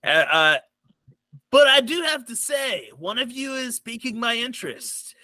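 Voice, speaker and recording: A man doing a boisterous high gnome pirate. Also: sing-song, measured pace, pushed and bright, no room sound, heavily acted. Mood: swaggering. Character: swashbuckling gnome pirate, rowdy and flirtatious.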